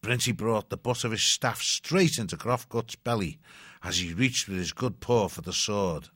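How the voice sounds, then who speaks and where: A man narrating a storybook chapter in a measured, expressive way. His voice is fairly low but bright and forward. The recording is close and dry. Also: husky, dry recording. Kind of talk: audiobook narration.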